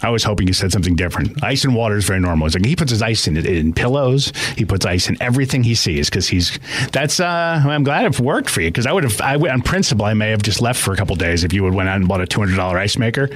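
A man's voice: fairly low pitch, expressive, fast talker. A man co-hosting a show, teasing and joking in casual banter. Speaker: co-host.

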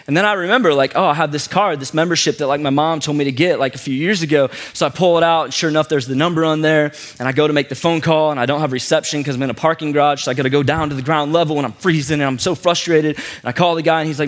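Young male speaker, high voice, chatty storyteller, casual sermon with audience banter. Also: fast. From St. Louis, USA. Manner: chatty, joking storyteller with many fillers; playful, animated quoted voices.

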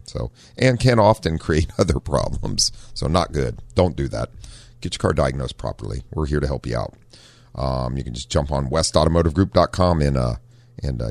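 A man with a rumbling low, creaky voice hosts a car-talk radio show and also owns an auto shop. He chats folksily with a caller, using lots of fillers, and the audio has no echo.

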